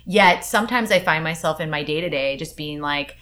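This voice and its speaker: A woman in her thirties hosting a casual chat, telling stories in a chatty, animated way. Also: deep voice, fairly quick. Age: 30s. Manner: chatty, animated storytelling with fillers.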